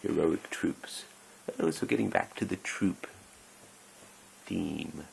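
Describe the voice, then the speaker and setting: A man's voice: sits low, slow pace, vocal fry, darkish tone, a little hiss or hum, poor audio. A man talking in a rambling, meandering way, often breaking off mid-sentence and chuckling as he goes. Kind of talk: rambling casual monologue.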